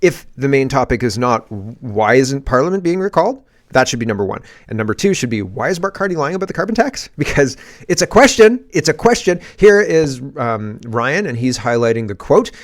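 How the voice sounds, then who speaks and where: Guy doing a political rant show, sarcastic, keeps laughing, normal pitch. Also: normal speed. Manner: animated, sarcastic, laughs often. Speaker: political commentary host. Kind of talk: opinionated political commentary.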